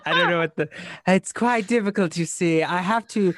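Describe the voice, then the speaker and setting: A stiff, formal sixteen-year-old boy with a put-on posh British accent, as a man puts him on, pitched a little high. His manner is proper and a touch awkward, with faint noise behind him. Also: normal speed, lightly acted. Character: posh teenage boy Samuel Lovett the third.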